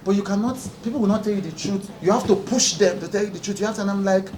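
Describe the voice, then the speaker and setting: Man, higher-pitched, earnest and emphatic, laughs easily, echoey room, distant mic. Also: very fast, a little mellow, a little hiss or hum. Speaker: talk show host speaking at a press conference. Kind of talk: press conference remarks. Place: press conference room.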